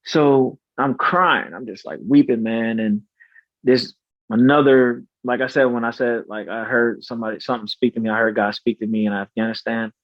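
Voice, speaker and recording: Podcast guest, male, 30s. Earnest and halting, lots of restarts. Dry, slightly muffled mic sound. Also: medium pitch, fairly even intonation, no room sound. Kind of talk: personal storytelling in interview. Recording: slightly dull, dry recording.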